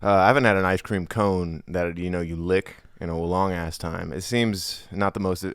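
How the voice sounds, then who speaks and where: A young man with a lowish voice chats on a comedy podcast. He muses slowly and loosely. The recording is dry and close-miked. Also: fairly even intonation, clear, resonant tone, no echo. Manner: laid-back, musing, drawn-out delivery. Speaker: podcast co-host. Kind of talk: casual comedy podcast banter with freestyle rap.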